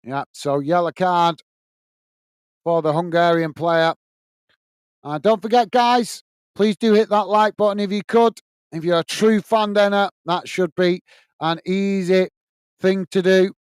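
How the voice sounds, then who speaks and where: A man's voice: sits high, steady tone, unhurried, pauses often, clear, resonant tone, dry recording. A man hosting a live football watch-along, calling the play and cheerfully reading out viewers' messages. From United Kingdom. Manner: upbeat, reads out viewer messages and calls the play.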